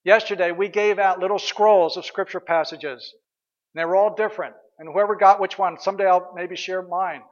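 A man's voice: sits high, fairly even intonation, moderate pace, dull audio. A man preaching a sermon as pastor, earnest and questioning, sometimes hesitating and restarting.

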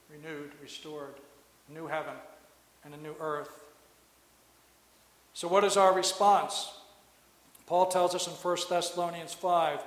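A man with a high voice preaching a sermon, telling a story and slowing down to repeat key phrases. His voice rings through a large hall with a long, roomy echo. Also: a bit bright. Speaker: pastor. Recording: echoey hall.

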